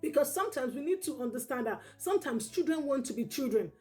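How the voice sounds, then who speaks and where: A woman's voice: sits high, lively intonation, fast, darkish tone, faint music behind. A woman giving parenting advice straight to camera, earnest and repetitive, checking in with her listeners by saying "okay?" again and again. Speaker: parenting educator.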